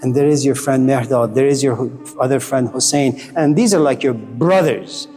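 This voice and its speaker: A man's voice: medium pitch, normal speed, warm tone, big-room sound, soft background music. A man lecturing a college class, passionate and blunt, with casual swearing.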